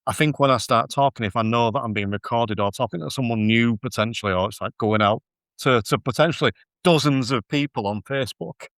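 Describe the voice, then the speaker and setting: A man with a Yorkshire accent hosts a podcast in an easygoing, self-deprecating way and laughs often. His pitch is mid-range and the recording is dry. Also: brisk, fairly bright tone, dry recording. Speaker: podcast host. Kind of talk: casual chat.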